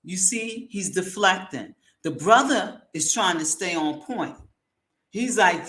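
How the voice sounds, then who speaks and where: A woman's voice: lowish voice, lively intonation, takes it slowly, fairly bright tone, slight background noise. A woman hosting a commentary show, giving a blunt, heated and slangy opinion monologue. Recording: echoey room.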